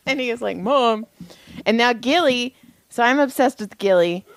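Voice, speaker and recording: A woman's voice: a little high, animated, measured pace, dry recording. A woman co-hosting a podcast, chatting bluntly with profane, teasing banter. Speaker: podcast co-host. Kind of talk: casual chat.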